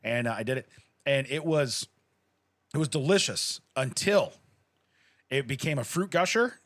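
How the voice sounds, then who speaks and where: A man's voice: medium pitch, lively intonation, normal speed, fairly bright tone, no room sound. Laughing middle-aged man telling a story. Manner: rambling, laughs often, acts out quotes. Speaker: podcast co-host. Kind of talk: casual storytelling chat.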